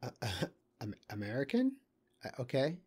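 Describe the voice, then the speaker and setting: A man walks through a set of maps in a loose, unscripted lecture. He thinks out loud, stops and restarts, and fills his pauses with small asides. His pitch sits in the middle range. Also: wildly swooping pitch, breathy edge. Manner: thinks aloud, halting, with many fillers and small asides. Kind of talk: casual lecture commenting on maps.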